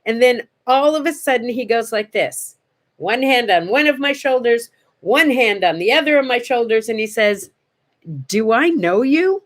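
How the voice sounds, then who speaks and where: An older woman hosts a relaxed morning chat and tells stories with lots of animation. Her voice sits a little high, and she jumps into the voices of the people in her anecdotes. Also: normal speed. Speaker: host. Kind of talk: casual storytelling chat.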